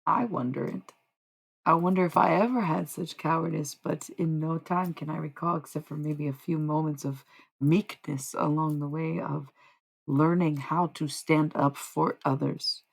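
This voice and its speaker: Low, gravelly-voiced woman musing aloud. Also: steady tone, normal speed, poor audio. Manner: musing, meandering, often restarts and corrects herself. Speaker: livestreamer and self-described medium. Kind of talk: rambling livestream monologue.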